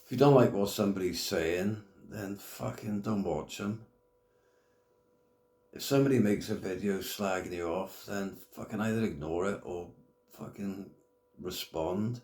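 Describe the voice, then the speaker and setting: A man's voice: lowish voice, a little slow, darkish tone, roomy sound. A middle-aged man ranting casually to camera, blunt and full of swearing and slang. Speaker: YouTube commentator.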